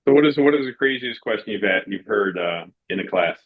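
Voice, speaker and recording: A man's voice: fairly low pitch, lively intonation, a little fast. A man hosting an interview, asking questions and trading easygoing stories. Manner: easygoing, brief reactions. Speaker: podcast host. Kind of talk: casual interview chat. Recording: phone-like, thin audio.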